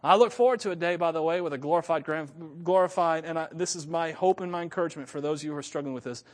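A man preaching a sermon as pastor, swinging from loud, emphatic lines to hushed ones and laughing at himself now and then. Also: fairly high pitch, racing, in a large hall. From North America.

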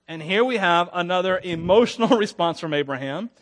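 High-voiced, animated preacher laughing through a story. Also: male voice, fairly quick, few pauses. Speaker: pastor. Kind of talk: sermon.

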